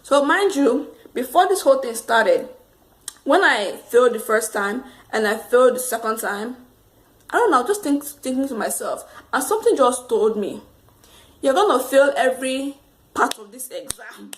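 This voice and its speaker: A woman telling a casual storytime monologue to camera, rambling and animated, laughing often. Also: fairly high pitch, normal speed. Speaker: vlogger.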